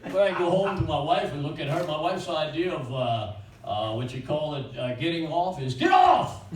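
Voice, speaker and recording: An older man works a small, nearly empty bakery open mic, firing off crude one-liners and drifting from bit to bit. His voice sits a touch high and carries a roomy echo. It is picked up from a distant mic, with a faint hum of ambience behind him. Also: normal speed, a little mellow. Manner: rambling, crude, jumping between one-liners. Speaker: stand-up comedian. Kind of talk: stand-up comedy at an open mic. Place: small bakery venue with few people.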